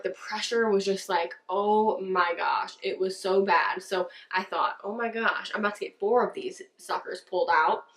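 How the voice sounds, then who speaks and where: A young woman tells a story to her camera in a casual, rambling way. She fills her talk with fillers and restarts, and her voice sits at an ordinary middle pitch. The room around her gives her voice a noticeable echo. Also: fairly bright tone. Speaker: vlogger and church worship leader. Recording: roomy echo.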